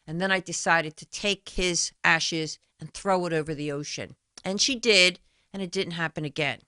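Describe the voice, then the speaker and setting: Woman host, bright tense voice, chatty storyteller, dry close sound. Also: fairly low pitch, moderate pace, no room sound. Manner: chatty storyteller who retells conversations. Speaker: talk show host. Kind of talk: solo radio talk show monologue.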